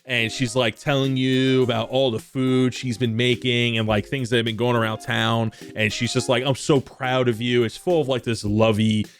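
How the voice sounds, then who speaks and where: A man narrating a tabletop game as game master in a relaxed, chatty way. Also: mid-range voice, normal speed, hardly any pauses. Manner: relaxed, chatty, many fillers.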